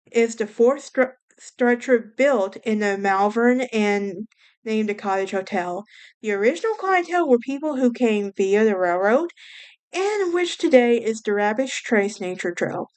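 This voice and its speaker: A woman's voice: a little high, animated, a little slow, a little mellow. A woman with a Southern US accent, hosting a podcast and chatting about a haunted house with a casual, self-correcting manner. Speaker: podcast host.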